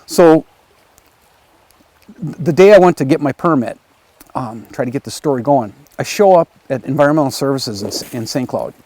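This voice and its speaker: A man's voice: mid-range voice, moderate pace, long pauses. A man teaching a video class, telling a conversational story and acting out other people's lines as he goes. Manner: conversational, lively retelling with acted quotes. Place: his home area in the countryside.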